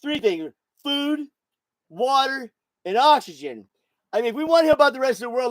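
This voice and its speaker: An extremely high-pitched, sing-song male voice with a fairly bright tone comes through a rough recording with no room sound. He's a podcast host in his sixties, drunk and rambling at a normal pace, cursing and going over the same points again in a casual monologue.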